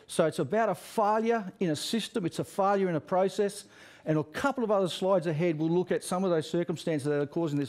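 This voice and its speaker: Earnest high-voiced man presenting. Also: darkish tone. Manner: earnest, repeats key messages, some restarts. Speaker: safety regulator presenter. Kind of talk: webinar presentation.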